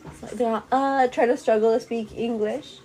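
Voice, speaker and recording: A woman's voice: a little high, fairly even intonation, normal speed, mellow, a little hiss or hum, poor audio. A woman from a Mexican-American family chatting casually while getting ready at home, bubbly and laughing often, dropping in Spanish words. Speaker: beauty vlogger. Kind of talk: casual chat.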